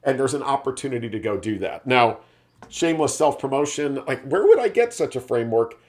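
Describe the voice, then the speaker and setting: A man's voice: medium pitch, lively intonation, a little fast, a little mellow. A man, a sales leadership speaker, telling a business parable in a casual storytelling style, often adding tag questions. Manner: chatty, frequent tag questions.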